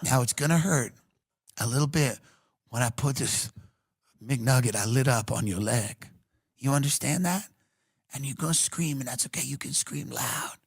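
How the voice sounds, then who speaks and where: A guy doing a creepy mom voice, dropped way low and hushed, coaxing like a lullaby, dry close sound. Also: moderate pace, creaky, pauses often, slightly rough, no room sound. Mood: menacing coaxing. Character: sinister soothing mother, woman, adult.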